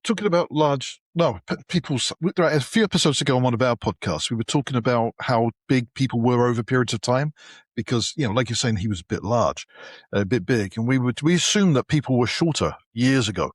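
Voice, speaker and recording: A British man of medium pitch chatting on a podcast. He tells meandering stories, breaking off and restarting. The voice is close and dry. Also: lively intonation, a little fast, no echo. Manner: rambling, self-interrupting anecdotes. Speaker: podcast co-host. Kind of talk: casual podcast chat.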